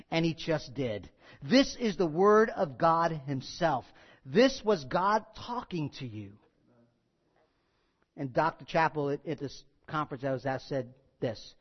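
High-voiced preacher in a reverberant hall. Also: male voice, moderate pace. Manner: animated storytelling, rising to emphatic peaks and dropping to hushed appeals. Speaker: pastor. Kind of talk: sermon. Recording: muffled sound with long hall reverb.

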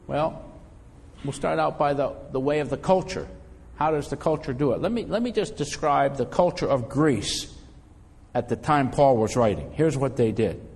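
A man's voice: medium pitch, a little mellow, long reverb tail. A man preaching a sermon as pastor, talking in a loose conversational way and often repeating words as he finds his phrasing.

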